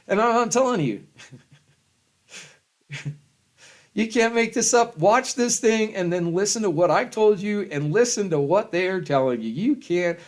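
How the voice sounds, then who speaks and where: A middle-aged man in a rambling, heavily profane rant to camera, with loud swings and frequent chuckles. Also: high-pitched, animated, a little slow, long pauses. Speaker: vlogger.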